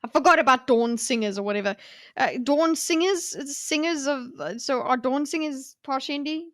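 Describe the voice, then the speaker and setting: A woman co-hosting a casual book club discussion, animated and quick to joke and pick apart plot holes. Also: high voice, no room sound, clean studio sound.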